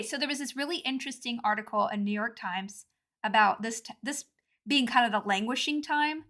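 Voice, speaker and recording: Brief: bubbly woman in her thirties, high voice, hosting a casual solo podcast with self-deprecating chatter, recorded at home. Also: a bit bright. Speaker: podcast host. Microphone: home recording, not in booth.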